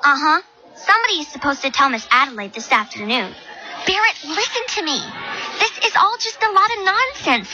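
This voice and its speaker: A woman voicing a brave, bossy teenage girl sleuth who narrates and leads in an audio drama, brisk and sarcastic. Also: high voice, sing-song, pushed and bright, exaggerated voice, low-quality recording. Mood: determined. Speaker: narrator and lead.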